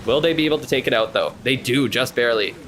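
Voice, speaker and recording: A streamer commentates a match live, giving loose, chatty play-by-play in an ordinary mid-range voice. He reacts quickly and excitedly to every turn, swearing casually now and then, with slight background noise present.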